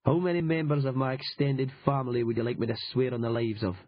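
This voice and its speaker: Brief: man voicing a husky, irritable Northern Scottish sergeant for an audiobook, sarcastic and fed up. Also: mid-range voice, steady tone, fast talker, no echo, highs cut off, lightly acted. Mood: sardonic. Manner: gruff, sarcastic. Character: weary, irritable rural police sergeant, middle-aged man.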